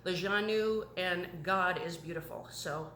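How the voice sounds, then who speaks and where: A woman's voice: on the low side, a little slow, pushed and bright, echoey room, a little hiss or hum. A woman gives a gushing, tearful personal testimonial at a campsite and laughs through her tears. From Washington State, US. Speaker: camp attendee giving testimony.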